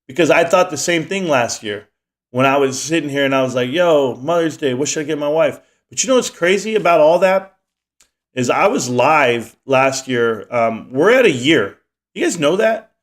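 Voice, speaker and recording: A man's voice: a little high, fairly bright tone. A man hosting a casual live stream, rambling animatedly and answering his chat as he goes.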